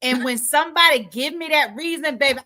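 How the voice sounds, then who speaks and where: A woman's voice: high-pitched, brisk, bright, forceful tone. A woman joining a casual live chat as co-host, brash and joking, swearing freely.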